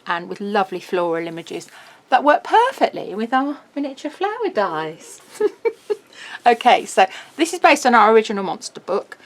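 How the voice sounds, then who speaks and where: A woman's voice: mid-range voice, very animated. A middle-aged woman, presenting a craft album in a casual, bubbly walkthrough. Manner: chatty, bubbly, quick laughs.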